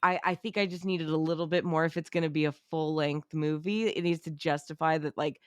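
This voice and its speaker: A young woman co-hosting a casual chat, animated and laughing often, with lots of fillers. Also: low voice, fairly quick, smooth, no echo, studio quality. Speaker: podcast co-host.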